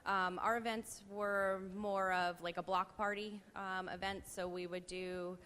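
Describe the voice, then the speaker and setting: A woman on a panel talking quickly with frequent ums. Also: medium pitch, little pitch movement, fairly bright tone, clean tone, long reverb tail. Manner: quick, hedging with many ums.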